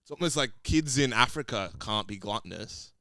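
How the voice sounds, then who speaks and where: A man's voice: fairly low pitch, animated, moderate pace, bright, forceful tone. A young man co-hosting a podcast, reflective and explaining ideas with examples. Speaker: podcast co-host. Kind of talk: casual chat.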